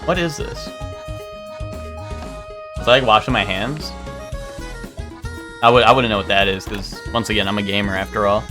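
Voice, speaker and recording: A young man streaming live, chatting casually and rambling, with animated bursts into loud outbursts. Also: lowish voice, normal speed, long pauses, music in the background.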